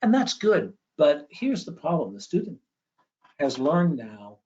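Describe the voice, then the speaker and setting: A man's voice: fairly high pitch, sing-song, measured pace, a little mellow. Guy presenting slides to teachers, casual talky style, lots of "okay?", muffled recording. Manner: conversational, checks in with frequent "okay?". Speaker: education speaker. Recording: dull lo-fi recording.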